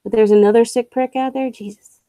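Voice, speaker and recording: A woman's voice: a little high, steady tone, a little fast, warm tone, no room sound. A young woman streamer ranting casually, blunt and profane, full of strong opinions. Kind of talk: casual rant while streaming.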